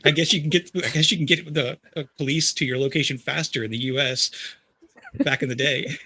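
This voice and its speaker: A man's voice: on the high side, fairly even intonation, brisk, sharp tone, breathy edge. A man on a livestreamed movie podcast, talking in a rambling, enthusiastic way with many restarts. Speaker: podcast co-host. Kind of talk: casual movie discussion.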